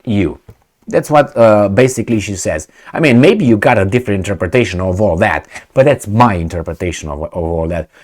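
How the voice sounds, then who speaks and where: A man's voice: lowish voice, animated, fairly quick, a little mellow. A middle-aged man from Romania giving a heated, sarcastic video commentary, mocking and ranting at his viewers.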